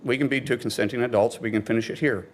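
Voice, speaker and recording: A man's voice: medium pitch, fairly even intonation, fast, slight background noise. A man questioning a witness at a hearing, combative and reading quotes aloud. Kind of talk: hearing confrontation.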